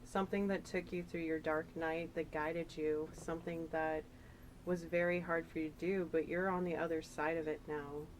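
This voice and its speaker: A woman's voice: lowish voice, slight background noise, rough recording. A woman giving a casual, emotional tarot reading, chatty and rambling with fillers. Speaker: tarot reader.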